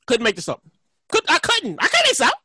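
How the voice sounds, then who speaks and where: A man spins a profane, animated story in casual chat, repeating words as he goes. His voice is high, bright and lively, and the sound is close and dry. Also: fast talker, no echo.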